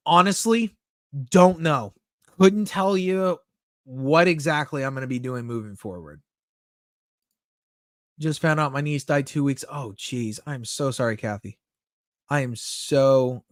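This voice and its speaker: A man's voice: medium pitch, no echo. A young man chatting casually on a live stream, reading chat messages aloud and answering them candidly, swearing often.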